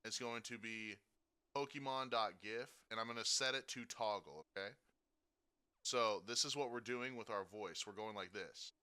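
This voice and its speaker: Bright, clear-voiced man explaining software. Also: on the low side, moderate pace. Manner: chatty, checks in with frequent "okay?" and "right?". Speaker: streaming tutorial host. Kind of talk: casual screen-recorded software tutorial.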